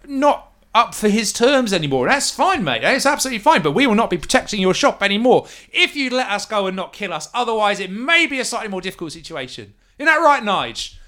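A man's voice: sits high, very animated, fairly quick, sharp tone, voice pushed up, exaggerated voice. A man voicing a blustering male street ruffian with a thick, chummy put-on accent in a tabletop game. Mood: threatening.

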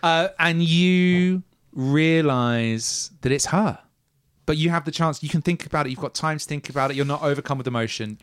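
A man runs a tabletop game, narrating at length and calling for dice rolls as he goes. His voice is smooth and resonant, and the recording is dry and close. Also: a little high, moderate pace, no echo. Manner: describes scenes at length, asks players for dice rolls. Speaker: game master.

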